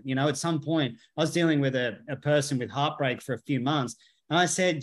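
A man's voice: on the high side, brisk, fairly bright tone. Blunt, swearing man. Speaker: podcast guest, healer. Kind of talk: casual conversation.

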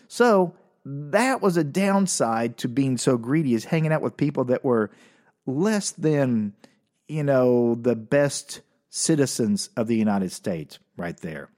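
A man's voice: mid-range voice, a little mellow. A man spins a loose personal anecdote in a mid-range voice, wandering and restarting his sentences. His humor is wry and dry, and the telling stays casual throughout. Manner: rambling, self-correcting, wry. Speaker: storyteller.

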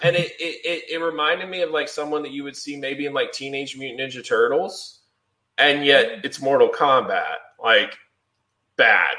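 A man co-hosting a podcast, talking in a loose, rambling way with a steady stream of fillers. His voice is bright, and the room rings with echo. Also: mid-range voice, moderate pace. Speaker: podcast co-host. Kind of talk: casual chat.

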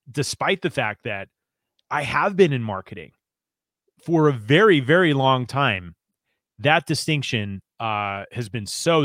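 An American man co-hosting a podcast, talking casually about marketing with quick asides and lots of restarts. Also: medium pitch, fairly bright tone, no echo, studio quality. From United States. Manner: chatty, quick asides, frequent fillers and restarts. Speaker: podcast co-host.

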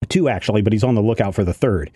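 Brief: laid-back male co-host and father, warm, low-key delivery. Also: rapid-fire, slightly rough, no echo. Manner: warm, easygoing dad telling an anecdote. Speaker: podcast co-host. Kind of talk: casual chat.

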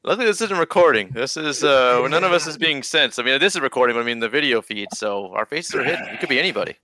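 A man's voice: medium pitch, expressive, fast, pushed and bright. A man co-hosting a podcast in casual, joking banter, swearing freely. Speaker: podcast co-host. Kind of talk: casual chat.

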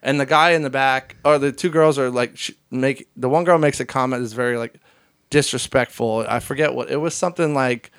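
A man in a casual podcast chat, telling a story in an animated way and acting out other people's voices. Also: mid-range voice, a little fast, clear, resonant tone, no echo, studio quality. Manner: swears casually, lots of fillers. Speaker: podcast guest.

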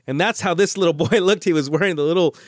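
A middle-aged American man co-hosting a casual movie podcast, chatty and animated, often restarting his sentences. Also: a little high, quick pace, no echo. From United States. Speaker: podcast co-host.

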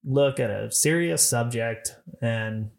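A man co-hosting a casual movie podcast, talking in a dry, deadpan way. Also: mid-range voice, slow, vocal fry. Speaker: podcast co-host.

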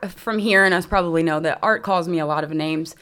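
A woman's voice: lowish voice, fast, background noise. A woman co-hosting a podcast in casual chat, telling stories in a giggly, rambling way. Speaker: podcast co-host.

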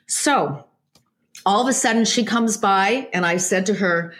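A woman, a psychic medium, telling an anecdote in an interview, lively, with many restarts and self-corrections. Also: mid-range voice, a little slow. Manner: animated storytelling with many restarts.

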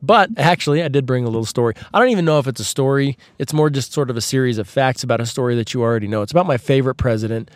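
A man hosting a podcast, telling a rambling comedic story with sarcastic asides, his voice a little husky from a tickle in his throat. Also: mid-range voice, racing, hardly any pauses, dry recording. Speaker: podcast host. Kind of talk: casual comedic storytelling monologue.

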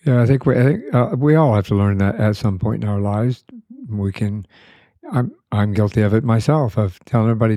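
A male podcast host with a fairly low, mellow voice, recorded dry and close. He is easygoing and affirming, and he steers the talk with follow-up questions. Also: fairly quick, no room sound. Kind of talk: conversational interviewing.

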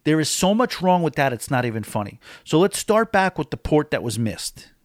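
A man's voice: fairly high pitch, big pitch swings, moderate pace, no echo, studio quality. A man vlogging about a cruise in a casual, opinionated monologue, talking with emphasis.

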